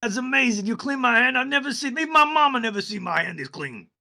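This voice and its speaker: A man's voice: extremely high pitch, expressive, quick pace, gravelly, sharp tone, pitched above the performer's own voice, exaggerated voice. A man voicing a greedy, pushy male goblin market trader with a wheedling sales patter. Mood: haggling.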